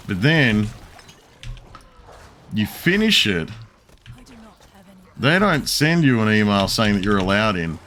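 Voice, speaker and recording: Low-voiced, slow, rambling guy. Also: a bit bright, slight background noise. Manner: rambling, profane, chuckling storytelling. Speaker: streamer. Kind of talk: casual chat while gaming.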